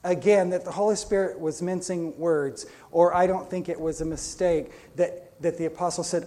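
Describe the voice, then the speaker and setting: A man preaches to his congregation in a high, lifted voice. He is energetic and keeps doubling back on his words as he goes. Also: moderate pace. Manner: energetic Pentecostal preaching with many restarts. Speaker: pastor. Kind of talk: sermon.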